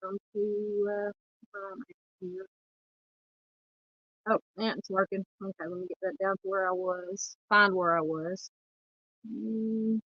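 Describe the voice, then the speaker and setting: A woman in her forties with a Southern US accent, hosting a true crime livestream and chatting loosely with viewers, halting and full of fillers. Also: medium pitch, steady tone, dry recording, lo-fi sound. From United States. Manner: rambling, halting, lots of fillers while searching the screen. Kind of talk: casual livestream chat reading comments.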